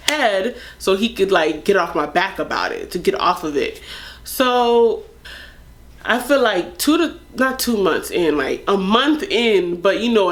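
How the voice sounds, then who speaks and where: A young woman vlogger tells a personal story straight to her viewers. She talks in an animated, candid way, her sentences loose and filled with "like" and "you know." The delivery is casual and conversational. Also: lowish voice.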